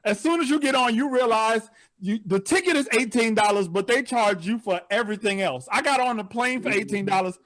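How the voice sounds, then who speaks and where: A man doing a virtual stand-up comedy set over a video call, telling stories with animated, incredulous outbursts. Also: high voice, brisk, dry recording.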